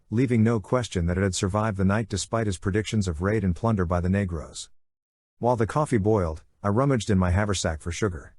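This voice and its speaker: A man narrating an audiobook in a steady, even storytelling manner. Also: fairly low pitch, slightly rough, no room sound, studio quality. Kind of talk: scripted narration.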